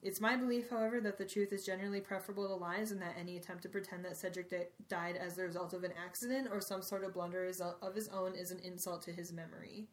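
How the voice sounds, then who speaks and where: A woman reading aloud as a wise elderly male headmaster, in a slow, hushed and measured way. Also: lowish voice, steady tone, slight background noise, pitched below the performer's own voice, lightly acted. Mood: solemn. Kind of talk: reading a book passage aloud.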